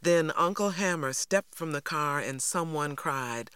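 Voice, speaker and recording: A man reading a first-person story aloud with steady, expressive narration. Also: fairly high pitch, a little slow, hardly any pauses, smooth, no echo, studio quality. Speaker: audiobook narrator.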